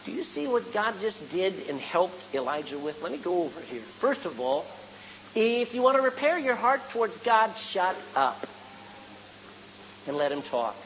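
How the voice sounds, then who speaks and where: In a sermon, a male preacher with an animated, medium-pitched voice speaks loosely and conversationally at a moderate pace, swinging from punchy, loud emphasis to quiet, almost whispered points. The recording is muffled, with a long hall echo and a faint hum beneath.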